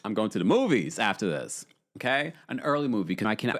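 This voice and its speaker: Animated male live-stream host. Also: fairly low pitch, fast. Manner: animated and playful, often laughing. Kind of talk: casual live-stream chat reading viewer comments.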